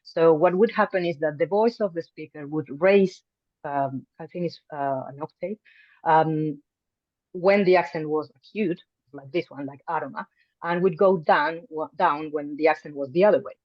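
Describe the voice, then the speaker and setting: A woman's voice: sits low, normal speed, no room sound. Woman teaching an online class. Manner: friendly, chatty, with many ums and restarts. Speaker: language teacher. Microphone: video call mic. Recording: dull, dry video call audio.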